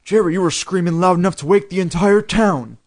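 A man reading a storybook aloud, voicing a worried father who speaks quickly and urgently. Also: on the high side, animated. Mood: urging. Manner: quick, urging. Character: worried father in bathrobe, brisk.

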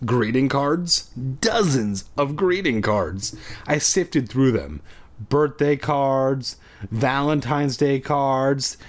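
A man's voice: mid-range voice, lively intonation, slow. A man hosting a podcast, reading a spooky children's book aloud with irreverent, profane comic asides.

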